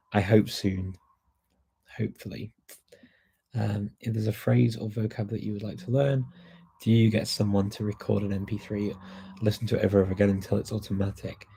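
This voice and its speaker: A man hosting a casual live question-and-answer session on language learning, relaxed and chatty with frequent ums and restarts. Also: fairly low pitch, gravelly, husky.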